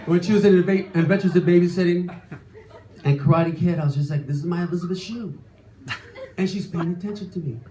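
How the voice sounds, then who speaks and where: A man's voice: sits high, brisk, slight background noise. Man telling a story on an echoey stage. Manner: animated, self-deprecating, exasperated rants. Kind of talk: live personal storytelling. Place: stage before a live audience. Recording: echoey room, faint ambience.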